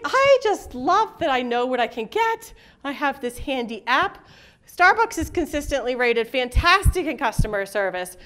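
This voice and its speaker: A middle-aged woman giving a casual, jokey conference talk, chatting with quick asides and acting out the people she quotes. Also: sits high, a bit bright. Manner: acts out quoted people in shifting voices. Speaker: conference presenter. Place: conference room with live audience.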